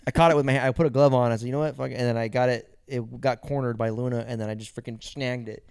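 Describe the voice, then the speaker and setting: A young man chats on a podcast, animated and profane, laughing through his stories. His voice has a gravelly grain and sits close to the mic in a dry room. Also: mid-range voice, fast talker, no room sound. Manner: animated storyteller, swears, laughs often. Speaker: podcast co-host. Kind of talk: casual chat.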